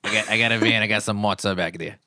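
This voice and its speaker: A woman doing a gruff Brooklyn van driver. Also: a bass voice, fairly even intonation, fast talker, bright, forceful tone, no echo, clean studio sound, pitched below the performer's own voice. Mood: breezy. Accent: Brooklyn put-on. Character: gruff male van driver, street-smart, easygoing.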